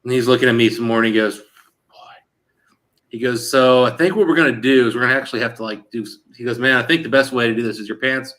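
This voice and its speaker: A man hosting a casual chat show, telling an anecdote and quoting others in lively back-and-forth with lots of "like" and "he goes". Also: medium pitch, very fast, few pauses. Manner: animated storyteller quoting others in dialogue; frequent fillers like "like" and "he goes". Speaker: show host.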